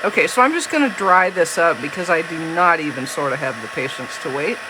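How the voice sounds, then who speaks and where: A woman's voice: on the low side, animated, fairly quick, background noise. A woman, chatting and joking with viewers while she demonstrates card making. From Southern US. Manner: chatty, jokey, talks to viewers. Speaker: crafting demonstrator. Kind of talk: live card-making demo.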